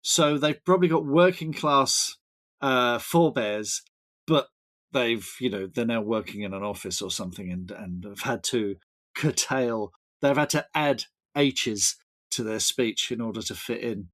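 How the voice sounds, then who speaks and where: A man's voice: mid-range voice, a little slow, a bit bright. A man with a Thames Estuary English accent, chatting casually and self-deprecatingly as a podcast guest. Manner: chatty, self-deprecating, drifts between topics. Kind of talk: casual chat.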